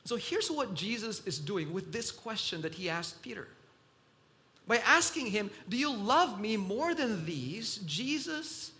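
A man preaching a sermon in a slow, emphatic delivery that swells loud and drops soft. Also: high voice, sing-song.

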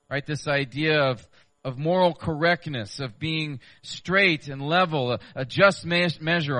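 A man's voice: fairly high pitch, sharp tone, no room sound. A man preaching a sermon, explaining a scripture passage earnestly and asking his listeners rhetorical questions. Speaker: pastor.

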